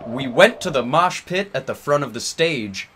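A man co-reading a comedy story aloud with slow, drawn-out delivery. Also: medium pitch, lively intonation, fairly bright tone, a little hiss or hum. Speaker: co-reader.

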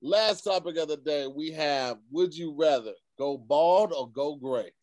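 Brief: male host, slightly high, teasing, runs the topics. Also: a little slow, a little mellow, dry recording. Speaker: podcast host. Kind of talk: casual comedic debate chat.

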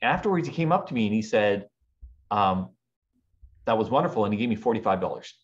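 A man in his forties, a guest on a business podcast, telling his story with lively acted-out quotes. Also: fairly low pitch, fairly quick. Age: 40s. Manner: animated storyteller acting out quoted voices. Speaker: guest speaker. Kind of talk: storytelling interview. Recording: dull lo-fi audio.

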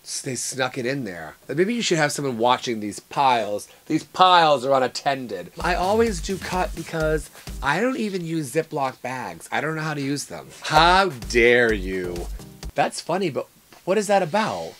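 A man's voice: fairly high pitch, expressive, fairly bright tone, soft background music. A man hosting a comic show, talking in a campy, sarcastic way and stretching out words for effect. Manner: campy, sarcastic, theatrical drawn-out emphasis. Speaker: host. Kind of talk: comic monologue.

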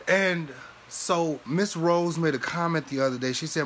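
A man hosting a live stream, chatting and preaching to viewers in an animated way, laughing often and calling listeners baby and honey. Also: fairly high pitch, normal speed, a little hiss or hum. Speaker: livestream host and minister.

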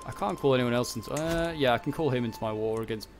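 A young man giving casual commentary on a strategy game, thinking aloud and muttering quick reactions. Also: medium pitch, slight background noise. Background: background music.

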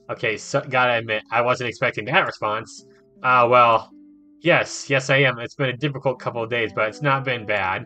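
Bright-voiced man reading a visual novel aloud. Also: mid-range voice, fairly even intonation, normal speed. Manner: chatty, reacts with laughs and asides. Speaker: gaming youtuber. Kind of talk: let's play commentary, reading game text aloud. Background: faint game music.

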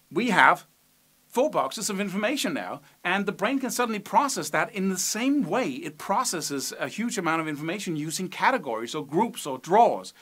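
Man explaining guitar picking, slightly high voice. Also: fairly bright tone. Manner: explanatory, sings rhythms as syllables, rhetorical "right?". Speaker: guitar teacher. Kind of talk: explaining technique to camera.

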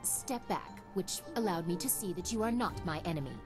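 A woman's voice: lowish voice, animated, a little fast, lightly acted. A woman voicing a haughty noble swordswoman. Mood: aloof. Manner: formal, haughty diction. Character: poised aloof female noble swordswoman. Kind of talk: video game voice acting. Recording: game audio with score. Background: game music.

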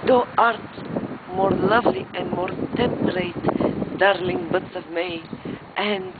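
A woman's voice: fairly low pitch, measured pace, natural voice. A woman acting a stage monologue as a jilted wife who swings between sarcastic jokes and tearful pleading with her husband. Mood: wistful pleading. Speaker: actress performing a monologue. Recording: tinny phone-like audio with background noise.

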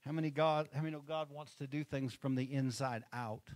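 A man's voice: medium pitch, fairly even intonation, a little fast, darkish tone, dry recording. A male pastor preaching a conversational sermon from a church stage, checking in with the congregation for amens and chuckling between points. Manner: conversational, asks the crowd for amens.

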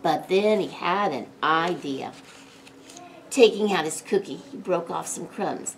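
A woman librarian reading a picture book aloud at storytime, playful and animated, putting on voices for the characters. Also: on the low side, a little slow. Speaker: children's librarian.

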